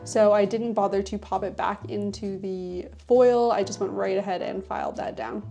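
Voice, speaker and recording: A woman's voice: mid-range voice, fairly even intonation, normal speed, gravelly, warm tone, soft background music. A woman nail technician narrating a tutorial voice-over in a chatty, casual way, with lots of fillers.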